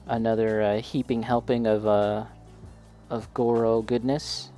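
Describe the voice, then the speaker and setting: A man's voice: lowish voice, level tone, measured pace, warm tone, soft background music. Chatty man building a model kit. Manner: chatty, talks directly to a friend in chat, laughs often. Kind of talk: casual chat while building.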